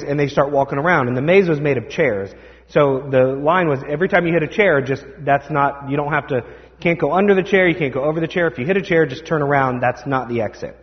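A man pastor giving a conversational sermon, telling stories and acting out what people said. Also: mid-range voice. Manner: conversational storytelling, animated quoting. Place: church sanctuary. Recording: dull sound with long hall reverb.

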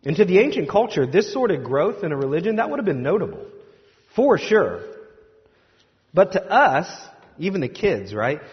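A man's voice: high-pitched, big pitch swings, moderate pace. Male pastor preaching in a reverberant hall. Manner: conversational, joking, acts out crowd voices. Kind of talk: sermon. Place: church sanctuary. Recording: dull sound with long hall reverb.

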